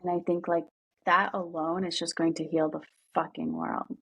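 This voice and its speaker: A woman hosting a podcast, warmly affirming her guest, emphatic and casual enough to swear. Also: deep voice, little pitch movement, moderate pace, vocal fry, breathy edge, dry recording, poor audio. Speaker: podcast host. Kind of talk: conversational interview.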